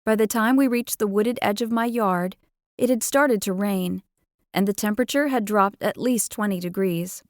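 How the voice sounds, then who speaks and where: A woman's voice: medium pitch, moderate pace, no room sound. Dry, close-miked woman reading romance. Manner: expressive, playful first-person storytelling. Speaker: audiobook narrator. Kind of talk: first-person romance audiobook narration.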